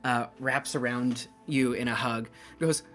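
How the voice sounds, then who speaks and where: A man narrating as game master of a tabletop game, talking in a lively way with many fillers. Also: mid-range voice, unhurried.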